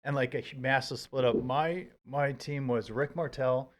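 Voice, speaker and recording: A man chatting on a podcast, laying out an old memory step by step. His tone stays plain and relaxed. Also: mid-range voice. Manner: reminiscing, unhurried explanations. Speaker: podcast guest. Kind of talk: casual chat.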